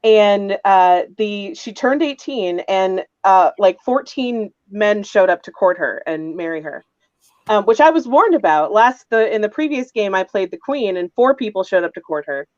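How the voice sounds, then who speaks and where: A woman's voice: medium pitch, animated, moderate pace, darkish tone, dry recording, dull audio. A woman on a roundtable panel, telling a rambling, chatty story about her tabletop game.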